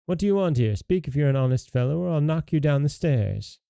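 A man's voice: a little high, lively intonation, fairly quick, vocal fry, mellow, clean tone, dry recording, studio quality. A man voicing a naive, fearless young man who speaks earnestly and plainly, in a storybook reading.

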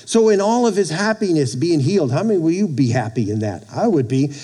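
A man preaching a sermon, retelling a story in a halting way, repeating words and acting out the characters' lines. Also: a little high, very animated, warm tone, breathy edge. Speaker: pastor.

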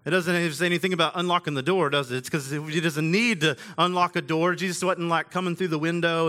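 A man's voice: on the high side, fairly bright tone. A man preaching a sermon in a casual, conversational way, with everyday slang. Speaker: pastor.

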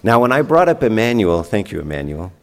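A man's voice: on the low side, sing-song, brisk, in a large hall. A man preaching a homily as a priest, chatting with the congregation through rhetorical questions and acted-out dialogue. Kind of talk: sermon. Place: church.

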